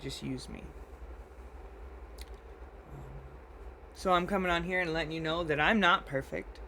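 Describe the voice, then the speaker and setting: A man preaches an informal livestreamed sermon in an earnest, confessional way, pausing and restarting as he goes. He is close to tears throughout, and a faint hum of noise sits under his voice. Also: on the high side, vocal fry, pushed and bright, rough recording. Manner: earnest, emotional, halting and confessional. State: teary.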